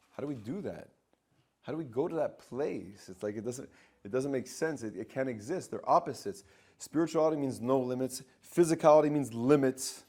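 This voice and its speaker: A man who works as a spiritual coach, giving an animated teaching talk, repeating phrases and acting out inner voices as he explains. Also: mid-range voice, brisk, slightly rough.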